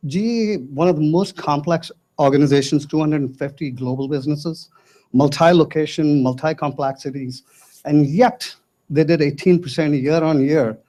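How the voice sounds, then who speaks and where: A man's voice: fairly high pitch, steady tone, normal speed, dark tone. A man speaking up in a class, earnest and emphatic as he shares his experience. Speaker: guest speaking from the audience. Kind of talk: classroom comment.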